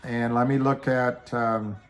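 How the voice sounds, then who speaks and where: The host, a middle-aged man, talks slowly in a steady, mid-range voice during a casual livestream about stocks. He goes on tangents, jokes at his own expense, covers his trades, and answers viewer comments.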